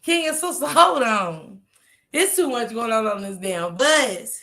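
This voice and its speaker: High-voiced woman telling her chat a story, laughing a lot, acting out everybody's lines. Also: a little slow. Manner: animated, laughing often, acts out what others said. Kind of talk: casual storytelling to a live chat.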